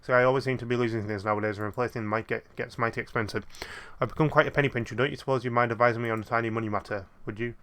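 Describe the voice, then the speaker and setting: A man's voice: medium pitch, fairly even intonation, rapid-fire, fairly bright tone, close to an everyday voice. A man voicing a fussy, penny-pinching old man who keeps losing coins, in a put-on Scouse accent with a folksy, rambling manner. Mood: fretful. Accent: attempted Scouse.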